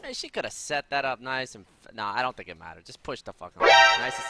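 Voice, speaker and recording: A man streaming a video game live, commenting in a brash, profane way that swings from low muttering to sudden shouts. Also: sing-song, fast, hardly any pauses, no room sound, soft background music.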